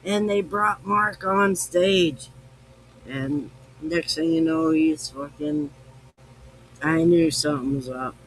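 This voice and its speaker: A man's voice: fairly high pitch, takes it slowly, a bit bright, a little hiss or hum, rough recording. A tipsy man hosting a live podcast, rambling, swearing freely and affectionate. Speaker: podcast host. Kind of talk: casual live-stream chat.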